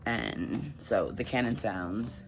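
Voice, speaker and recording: Chatty man with a gravelly voice. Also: lowish voice, expressive, slow pace, noisy background. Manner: chatty, filler-heavy, laughs at grim scenes. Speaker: book vlogger. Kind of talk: casual book recap with read excerpts.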